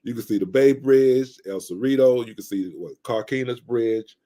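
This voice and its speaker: A man's voice: mid-range voice, moderate pace, warm tone. A man from North Carolina, a guest on a live stream, reminiscing in casual conversation with lots of fillers. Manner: reminiscing, rambling with many fillers. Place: live stream video call.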